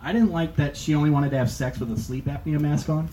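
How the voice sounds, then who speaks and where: A man's voice: a little high, steady tone, fast talker, noisy background. A young man doing a stand-up comedy set on a club stage, rambling with lots of filler words. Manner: rambling, filler-heavy delivery with many "like"s.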